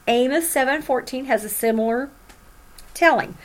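Woman Bible teacher, lively and higher-pitched, dramatic scripture reading. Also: normal speed. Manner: animated, dramatic emphasis when reading prophets' cries.

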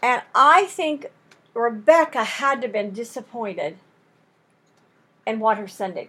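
Earnest woman teaching a Bible lesson, slightly husky. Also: fairly high pitch, fairly bright tone. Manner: earnest, emphatic, with rising and falling intensity.

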